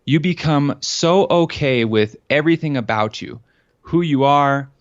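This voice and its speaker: A man's voice: fairly high pitch, unhurried, muffled recording. A man as a podcast guest, earnestly telling a personal story and acting out the dialogue. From Colorado. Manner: earnest, animated storyteller who acts out quoted dialogue. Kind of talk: storytelling in an interview.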